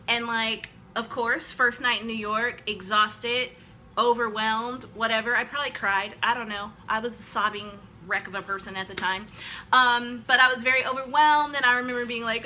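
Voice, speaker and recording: A woman talks to her own camera in a loose storytime monologue, her voice very bright and sharp and sitting somewhat high. She rambles through fillers and pokes fun at herself as she goes. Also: fairly even intonation, moderate pace, a little hiss or hum, rough recording. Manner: chatty and rambling, with frequent "like" fillers; self-deprecating and joking. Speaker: vlogger telling a personal story. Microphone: camera she films herself with.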